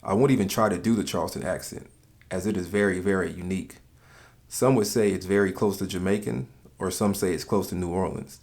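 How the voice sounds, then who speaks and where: A man narrating in a calm, measured, scripted way, explaining things to the listener. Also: sits low.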